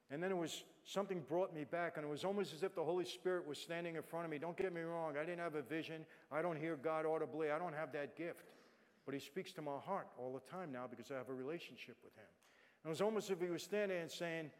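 A middle-aged man giving a personal testimony to an audience, swinging from hushed to loud, emphatic passages. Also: fairly high pitch, a little fast. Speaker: guest speaker. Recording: long hall reverb.

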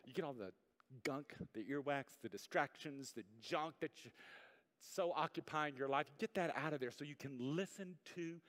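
A man preaching a sermon as pastor, swinging between hushed, quiet passages and loud, emphatic ones, with folksy jokes to the congregation. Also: on the high side, normal speed. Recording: reverberant hall.

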